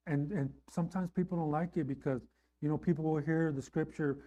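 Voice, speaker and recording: This middle-aged pastor delivers his sermon quickly, with a flat delivery and a warm tone. He speaks conversationally, keeps asking "right?", and rises in pitch and volume on lines he wants to stress.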